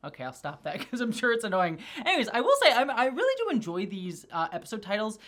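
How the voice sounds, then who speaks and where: A woman hosting a casual review video, chatting in an animated way with frequent restarts and pitch swings. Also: fast talker, few pauses. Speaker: video reviewer and channel host.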